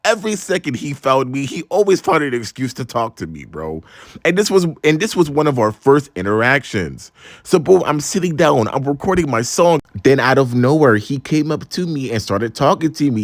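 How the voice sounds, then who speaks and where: A man's voice: mid-range voice, moderate pace, dry recording. A young man in his twenties from Maryland, telling a story casually with lots of slang and swearing. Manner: animated, profane, slangy, exclaims "bro" a lot. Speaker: storytime vlogger.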